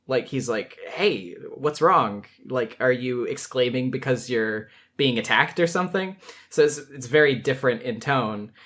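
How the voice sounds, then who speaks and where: A man chatting casually as host, with a mid-pitched voice. He talks in an animated way, laughing often and leaping high in pitch whenever he acts out a quoted line. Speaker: podcast host. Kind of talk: casual chat.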